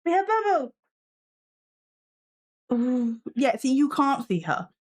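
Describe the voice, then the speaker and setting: A live stream host chats from her desk at home, her voice sitting a little high for a woman. She talks loosely to her viewers and her cat, breaking into dry, self-mocking sarcasm. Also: very animated, slow. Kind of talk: casual live stream chat.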